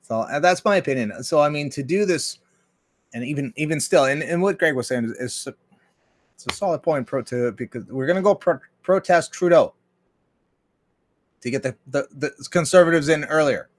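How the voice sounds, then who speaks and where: A man with a slightly high voice runs a casual livestream and fires off a profane, argumentative rant. He keeps it blunt and combative, pausing now and then to greet viewers and read their messages aloud. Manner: reads viewer chat aloud. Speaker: livestream host. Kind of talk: casual ranting commentary.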